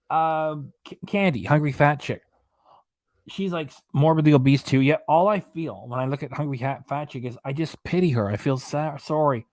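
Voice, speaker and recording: A man's voice: fairly high pitch, darkish tone, no room sound, clean studio sound. A man delivering angry, indignant commentary, ranting and repeating himself. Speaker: reaction channel commentator.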